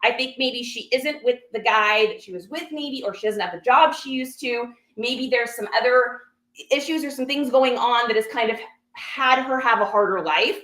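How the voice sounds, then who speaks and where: A woman's voice: fairly high pitch, moderate pace, roomy sound. A woman reseller chatting casually to her viewers, telling a story and acting out other people's lines. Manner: animated, acts out other people's lines in quotes. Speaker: reseller sharing a garage sale haul.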